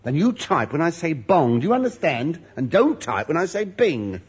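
A man's voice: fairly high pitch, sing-song, normal speed, slightly rough. An older British-style male comedian giving a camp, innuendo-laden comic monologue, mock-flustered. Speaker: stand-up comedian. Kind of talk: comic monologue with sketch dialogue. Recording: live audience recording with noise. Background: audience laughter.

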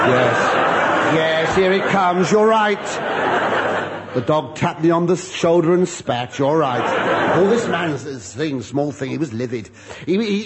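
A man's voice: on the high side, very animated, moderate pace, very noisy. A man telling a rambling, self-mocking comic monologue with muttered asides. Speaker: comedian.

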